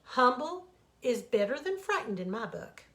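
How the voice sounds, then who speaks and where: A woman's voice: on the high side, sing-song, normal speed, a bit bright. A woman voicing an anxious, devoted mother rabbit in a bedtime storybook reading, with a pleading, emotional manner. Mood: resolute.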